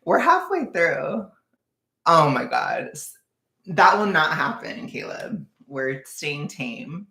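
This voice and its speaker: A young adult streamer talking to the chat in a loose, rambling way, poking fun at themselves. The voice is full of fry and sits in a middle pitch. The sound bounces around an echoey room. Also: very animated, slow pace, bright, forceful tone. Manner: rambling, self-deprecating, jokey with frequent laughs. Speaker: livestream host reading chat. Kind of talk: casual livestream chat.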